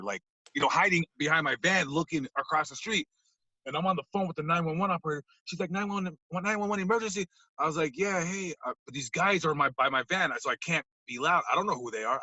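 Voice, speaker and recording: A man telling a story as a podcast guest, acting out voices and swinging from loud outbursts to low mumbles. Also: fast talker, breathy edge, dry recording, dull audio. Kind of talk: animated storytelling. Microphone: podcast mic.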